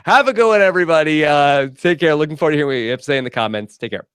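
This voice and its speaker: A man's voice: a little high, rapid-fire, fairly bright tone, clean tone, no echo, studio quality. A man hosting a podcast, chatting casually and steering the talk with easygoing asides. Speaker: podcast host.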